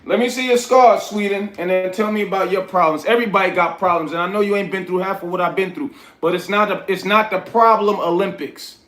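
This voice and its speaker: New guy on a livestream, blunt and preachy, kinda high voice, echoey room. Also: a little fast, hardly any pauses, a bit bright. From New York. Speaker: livestream host. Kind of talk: casual livestream chat, reading chat aloud.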